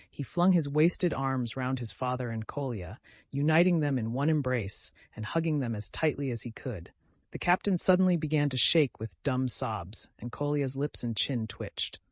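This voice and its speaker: A man narrating a classic novel as an audiobook, reading in a measured storytelling manner and lightly voicing the characters. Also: medium pitch, no echo. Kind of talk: scripted narration.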